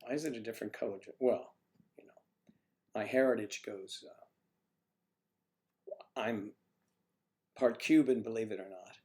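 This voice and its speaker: A man's voice: on the low side, a little slow, pauses often, a little mellow. A man hosting a casual livestream from home, nursing a cough as he rambles and jokes with his viewers. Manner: rambling, chatty, joking with the chat. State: has a cough. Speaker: livestream host. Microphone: microphone on a stand he keeps adjusting.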